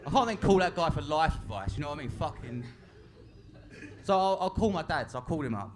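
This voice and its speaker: A man performing crude, self-mocking stand-up on a live comedy stage, his voice sitting a little high and bouncing up and down. He laughs between lines as an audience reacts loudly around him. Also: big pitch swings, quick pace. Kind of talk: stand-up set. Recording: live stage recording with crowd.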